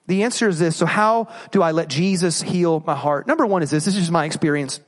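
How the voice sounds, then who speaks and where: Guy preaching a sermon, pretty high voice, lots of rhetorical questions. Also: quick pace. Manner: animated, rhetorical questions, acts out inner voices. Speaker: pastor.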